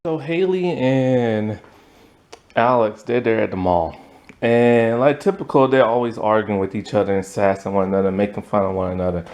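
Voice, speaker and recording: A man casually recapping a TV episode, telling it in an animated way with lots of "like" and "um" and frequent laughter. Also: on the low side, moderate pace. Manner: animated storytelling, lots of fillers, laughs often. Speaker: TV episode reviewer.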